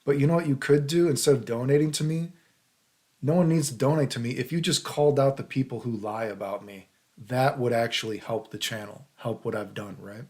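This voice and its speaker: A man's voice: mid-range voice, fairly quick, darkish tone. A man hosting his own channel, ranting heatedly into a computer microphone, swearing and often asking "right?". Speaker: channel host. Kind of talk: unscripted ranting monologue.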